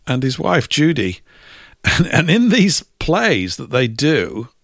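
A man's voice: fairly high pitch, sing-song, slow pace, creaky, no room sound, studio quality. A man hosting a casual podcast chat, talking in a chatty way, laughing often and reading out viewer comments. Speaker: host.

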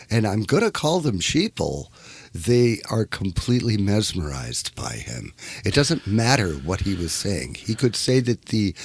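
This is a man with a very low, husky voice, recorded dry and close in a studio. He co-hosts and talks in an assertive, lecturing way, pushing to get his point across. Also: dry recording. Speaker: co-host. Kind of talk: casual chat.

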